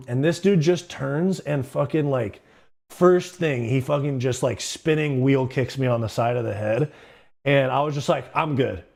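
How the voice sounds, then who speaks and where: A young man of middle pitch hosts a livestream and tells stories in a loose, rambling way. His talk is full of slang and swearing. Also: measured pace, gravelly, darkish tone. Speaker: livestream host. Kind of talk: casual storytelling.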